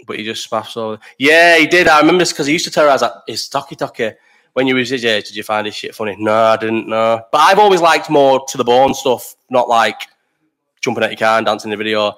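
A man's voice: mid-range voice, fairly bright tone. Blunt sweary man with a Bolton accent. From Bolton, England. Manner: blunt, sweary and opinionated, jumping between topics. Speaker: live stream host. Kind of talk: casual live chat.

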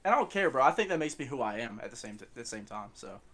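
A young man co-hosting a casual sports podcast, animated and laughing, calling everyone bro. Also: mid-range voice, racing. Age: young adult. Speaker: podcast co-host. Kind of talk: casual chat.

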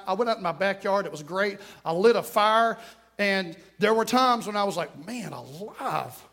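A man preaching a sermon to a congregation, swinging between shouted exhortation and hushed asides. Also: high-pitched. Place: church sanctuary.

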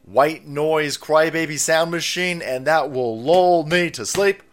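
A man's voice: a little high, takes it slowly, a little hiss or hum. A man hosting a commentary show, ranting in a foul-mouthed, mocking way. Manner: foul-mouthed, mocking, laughs at own jokes.

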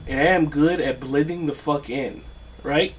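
A man's voice: fairly high pitch, unhurried, slight background noise. A young man co-hosting a podcast, telling stories in a laid-back, profane way. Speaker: podcast co-host. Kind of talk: casual storytelling chat.

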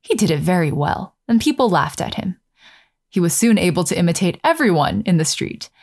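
Woman gently reading a fairy tale. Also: lowish voice, big pitch swings, a little fast. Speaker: storyteller. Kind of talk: scripted fairy tale narration.

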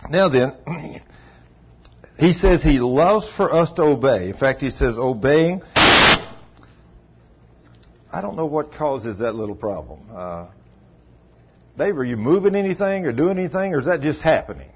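Husky folksy preacher man. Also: a little high, animated, moderate pace. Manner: folksy, rambling, talks straight to the congregation. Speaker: pastor. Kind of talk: informal sermon. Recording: dull lo-fi sermon recording.

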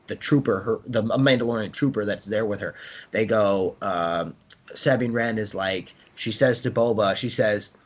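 Rambling casual man chatting. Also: lowish voice. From United States. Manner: rambling, with many fillers and restarts; laughs often while talking. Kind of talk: casual chat.

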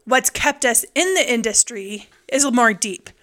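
A woman in her thirties, a podcast co-host and hairstylist, telling a story in casual chat with lively, laughing delivery. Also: on the high side, measured pace.

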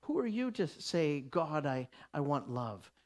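A man's voice: on the high side, very animated, a little slow, pitched below the performer's own voice. A man preaching, voicing the devil as it whispers taunting doubts to a believer. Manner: taunting, questioning.

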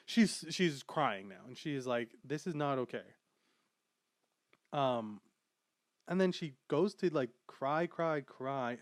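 A young adult man hosting a casual podcast about manga chapters, rambling with many fillers and growing excitable as he talks. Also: medium pitch, no room sound, clean studio sound. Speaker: podcast host.

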